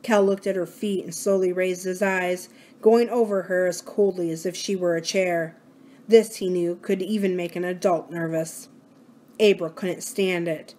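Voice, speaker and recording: A woman's voice: lowish voice, steady tone, measured pace, darkish tone. Woman reading a novel aloud. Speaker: library book-reading host.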